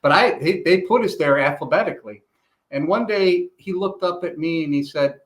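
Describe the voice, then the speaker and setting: A middle-aged man, a retired police chief from Illinois, tells stories in a casual interview, his voice fairly high and his speed normal. He's an animated storyteller who acts out the voices and dialogue of the people in his tales.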